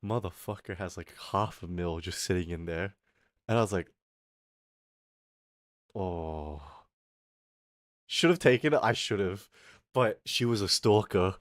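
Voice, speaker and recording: A man's voice: on the low side, moderate pace, no echo, studio quality. A man streaming and chatting with his audience, telling a story in a casual rant. He swears freely and reads out his chat as he goes.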